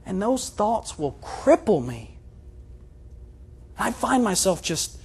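A man preaching a sermon in an earnest, confessional way, moving between hushed and loud passages. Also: sits high, very animated, slow pace, pauses often, husky. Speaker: pastor.

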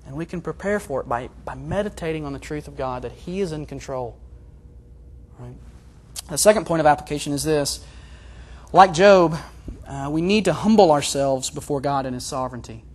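Man, pastor, sermon, high-pitched, earnest, swings from hushed to loud. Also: moderate pace.

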